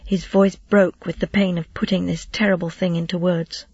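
A husky, slightly breathy narrator reads a children's novel aloud with steady storytelling and light character touches. The sound is close and dry, on a dull lo-fi recording. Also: medium pitch, normal speed, few pauses, dry recording. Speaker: audiobook narrator.

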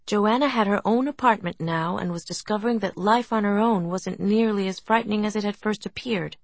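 A woman reading a novel aloud as audiobook narration, in a soft, gentle manner. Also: medium pitch, a little fast, dry recording. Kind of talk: scripted narration.

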